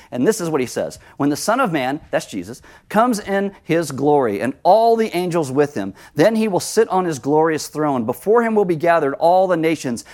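A middle-aged man preaching a sermon as pastor, conversational, with lively asides. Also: on the high side.

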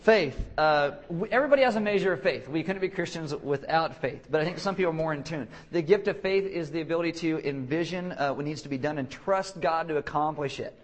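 A young man preaching a casual, joking sermon who restarts his sentences and keeps acting out quick voices to make his point. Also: fairly high pitch. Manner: joking, self-deprecating, acts out quick voices; halting restarts and repeated words. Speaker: pastor.

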